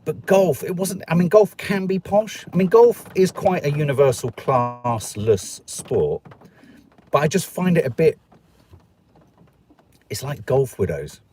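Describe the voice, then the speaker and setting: This middle-aged man's voice is a little high and mellow, with lively intonation and a measured pace, against slight background noise. Hosting a live stream in his Stoke-on-Trent English, he rambles and jokes while reading viewer comments, mimicking the people he quotes.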